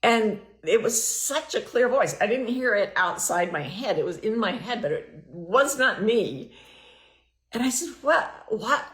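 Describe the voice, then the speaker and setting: A woman's voice: medium pitch, expressive, unhurried, hardly any pauses, roomy sound. A middle-aged woman hosting her podcast, telling a candid personal story and acting out her inner dialogue with big swings in her voice. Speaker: podcast host.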